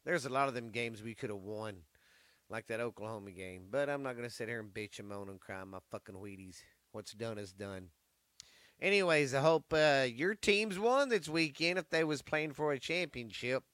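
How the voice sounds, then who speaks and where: Bright, profane sports-talk man. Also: medium pitch, lively intonation, normal speed, no room sound, studio quality. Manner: rambling, profane. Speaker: podcast host. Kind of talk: casual sports chat.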